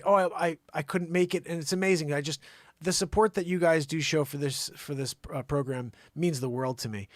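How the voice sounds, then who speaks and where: A middle-aged man hosts a livestream, chatting casually and rambling in an animated way, now and then breaking into impressions. His voice is on the high side, with studio-quality sound and no echo.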